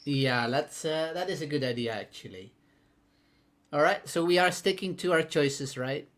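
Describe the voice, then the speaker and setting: A man co-hosting a casual livestream, relaxed and laughing often, with lots of fillers. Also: fairly high pitch, moderate pace. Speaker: co-host.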